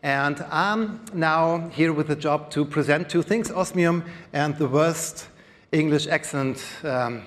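A man with a German accent speaks from a stage, his voice pitched a little high for a man and carried by the long reverb of a big hall. He explains things plainly and slowly, stopping often on fillers, like a presenter talking to a live audience. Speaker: presenter at a conference. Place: large hall before an audience.

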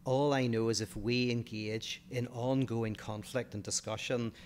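Speaking at an unhurried pace with fairly even intonation, this Northern Irish man talks through philosophy on the casual podcast he co-hosts. He's reflective and frequently breaks off to restart a phrase. His pitch is medium, and there's a faint hiss or hum.

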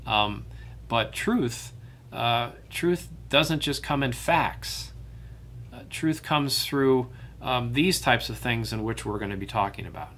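A man's voice: mid-range voice, slow, a bit bright, a little hiss or hum. A man leading a church Bible study, talking in a loose, conversational way with many fillers and restarts.

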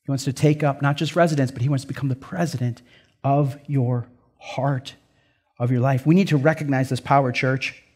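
A man's voice: mid-range voice, fairly even intonation, fairly quick, a little mellow, breathy edge. A middle-aged man with an Upper Midwest American accent, preaching a sermon as pastor in an earnest, conversational way, often saying "like" and "right?".

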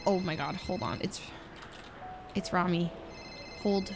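A woman's voice: fairly low pitch, slow pace, background noise. A woman streamer talking in character during a roleplay game, playful and teasing, laughing often.

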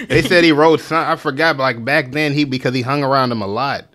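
A man's voice: medium pitch, quick pace, a bit bright. A young man co-hosting a comedy podcast in casual chat, loose and joking, often laughing. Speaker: podcast co-host.

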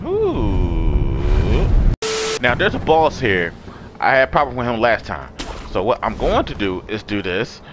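Excitable gamer guy with lively pitch. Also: a little slow, noisy background. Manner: excitable, swears a lot, talks to enemies. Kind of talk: let's play commentary. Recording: background music.

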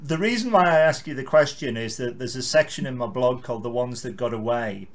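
A man's voice: mid-range voice, expressive, a little fast. A man hosting a podcast interview, asking questions and recalling shows he saw with enthusiasm. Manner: enthusiastic, eager listener. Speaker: podcast host. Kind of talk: casual interview chat.

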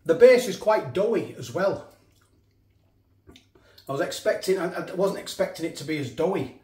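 A man's voice: sits high, lively intonation, normal speed, a little mellow. Middle-aged man, casual food reviewer, rambles, talks while eating, roomy echo. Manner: rambling, repeats himself, talks with mouth full. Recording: echoey room.

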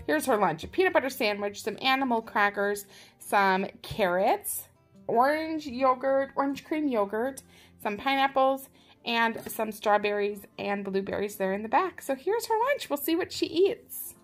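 A woman's voice: fairly high pitch, expressive, a little slow, faint music behind. A woman hosting her own vlog, chatting casually and upbeat with a self-teasing streak as she walks through a how-to in her home kitchen. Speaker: parent and vlog host.

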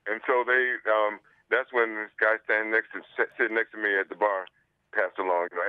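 A middle-aged man from the United States tells a story in a loose, drawling style. His voice sits fairly low. He comes through a muffled, dry phone line. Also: quick pace, clear, resonant tone, dry recording. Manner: laid-back, drawling, storytelling. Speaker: comedian guest on the phone. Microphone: telephone.

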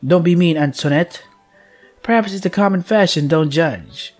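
A man's voice: a little high, moderate pace, soft background music, natural voice. A man voicing haughty, cruel noble ladies in a game, sneering in a sing-song manner. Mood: haughty mocking. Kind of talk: voicing a visual novel character.

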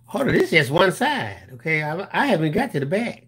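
A man's voice: high-pitched, sing-song, a little fast, fairly bright tone, slightly rough. A man co-hosting a live crafting stream, chatting while he works, playfully drawing out viewers' names. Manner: playful, drawls out viewers' names, sing-song.

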